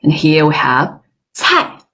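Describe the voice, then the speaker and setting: Slow, lively woman teaching pronunciation. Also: deep voice. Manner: slow, careful, exaggerated tone demonstrations; encouraging, frequent praise. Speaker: Chinese language teacher. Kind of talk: online language lesson, modeling pronunciation. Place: online webinar.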